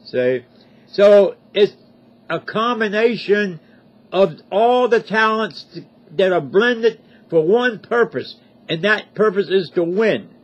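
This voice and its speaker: A man talks in a slow, unhurried, folksy ramble, circling back with fillers and restarts. His voice sits high for a man. The recording sounds dull and lo-fi. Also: expressive. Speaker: religious commentator. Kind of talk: casual spoken monologue.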